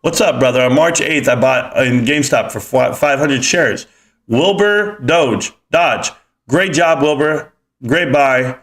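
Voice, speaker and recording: A man in his thirties hosting a casual live stream, rambling through viewer comments with many fillers and getting higher when excited. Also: unhurried.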